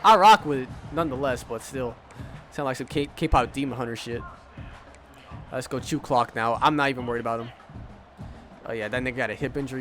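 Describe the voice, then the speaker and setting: A man's voice: mid-range voice, a little fast, pauses often, a bit bright, soft background music. A man streaming a football video game, giving casual play-by-play commentary full of trash talk and swearing. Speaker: gaming streamer.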